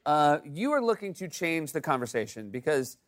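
A man hosting a late-night talk show, easygoing and quick to laugh, in a studio with an audience. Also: a little high, sing-song.

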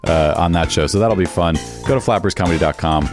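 A man's voice: low voice, fast, over music. A man co-hosting a podcast, reading casual show plugs, chuckling and correcting himself as he goes. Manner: loose, chuckling, self-correcting. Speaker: podcast co-host. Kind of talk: casual plug segment chat.

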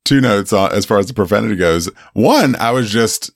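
A man co-hosting a casual movie podcast, rambling and halting as he thinks aloud. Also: lowish voice, animated, no room sound, clean studio sound. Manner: rambling, halting with fillers and restarts. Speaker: podcast co-host. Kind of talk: casual movie review chat.

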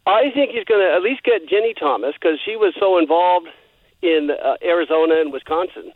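A man from Oregon calls in to a radio show over a tinny phone line. His voice is on the higher side, and the sound is dry. He speaks hesitantly, stopping and starting, with frequent chuckles. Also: no echo. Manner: hesitant, halting, chuckles often. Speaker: caller. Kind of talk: phone-in conversation.

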